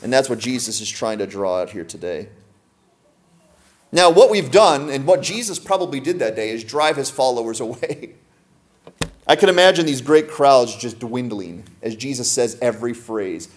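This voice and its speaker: Man, pastor, sermon, mid-pitched voice, emphatic, rhetorical questions, church congregation. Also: animated, moderate pace.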